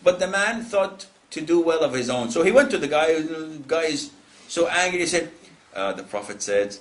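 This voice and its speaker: A male Islamic preacher giving a lecture, telling stories with lively acted-out voices and frequent laughter. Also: a little high, normal speed. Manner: animated storytelling, mimics callers in raised voices.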